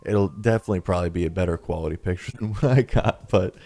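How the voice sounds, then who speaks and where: A man narrating a personal story in a casual, chatty way, full of "dude" and "listen", with lively rises and drops as he retells it. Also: low-pitched, fast talker, soft background music. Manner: laid-back and chatty, peppered with 'dude' and 'listen'. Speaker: storytime YouTuber.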